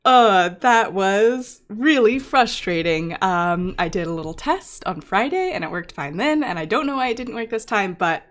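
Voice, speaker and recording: A woman's voice: medium pitch, very animated, brisk, few pauses. A woman hosting and teaching a live online class, talking off the cuff and straight to her viewers, with many ums and restarts. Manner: talks straight to viewers in chat. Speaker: instructor hosting a data science livestream. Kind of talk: unscripted livestream teaching.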